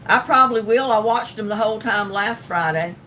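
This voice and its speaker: Hosting a laid-back livestream where she reads comments aloud, an older woman with a North Carolina Southern accent rambles folksily with lots of ums. Her pitch is ordinary, though her delivery comes across brisk, pushed and bright. She's far from the mic on a low-quality recording with a faint rumble beneath.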